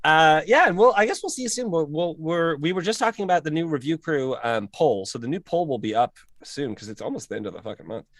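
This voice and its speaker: A man's voice: fairly high pitch, lively intonation, fast talker, hardly any pauses, fairly bright tone, no echo, studio quality. A man co-hosting a comedy game show over a video call, jokey and laughing often as he rambles. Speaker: co-host of a comedy game stream.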